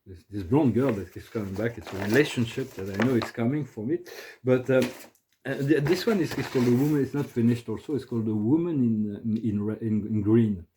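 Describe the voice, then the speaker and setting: A man hosting a casual spiritual video, soft-spoken and halting, often repeating words and restarting his sentences. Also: mid-range voice, noisy background. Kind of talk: casual spiritual vlog talk.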